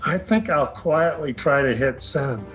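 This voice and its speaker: A man's voice: fairly high pitch, animated, a little slow, fairly bright tone, soft background music, poor audio. An older man, a retired general and foundation head, answering interview questions in an earnest, plain-spoken way.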